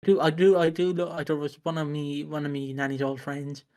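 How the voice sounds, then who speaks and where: A man's voice: on the high side, flat delivery, a little fast, a little mellow. A young man co-hosting a podcast, telling rambling, sweary anecdotes with lots of restarts. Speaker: podcast co-host. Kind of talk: casual chat.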